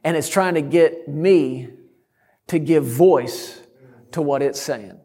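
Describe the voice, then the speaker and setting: A middle-aged man preaching a sermon, telling a story and breaking into sudden loud shouts. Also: fairly high pitch, slow, long reverb tail. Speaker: guest preacher.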